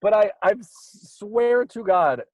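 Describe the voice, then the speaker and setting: Chatty higher-voiced man telling a story. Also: slow pace, no echo, highs cut off. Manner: rambling, filler-heavy, gets animated when excited. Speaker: guest storyteller. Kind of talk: casual storytelling.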